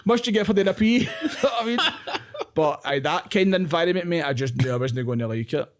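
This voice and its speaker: A man's voice: on the high side, lively intonation, a little fast. A Glaswegian man, a podcast guest, telling crude comic stories with laughter running through his words.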